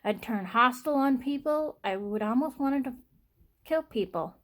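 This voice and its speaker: Young woman vlogger, slightly high voice, halting and repetitive, sighs a lot. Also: animated, fairly bright tone. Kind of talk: personal vlog monologue.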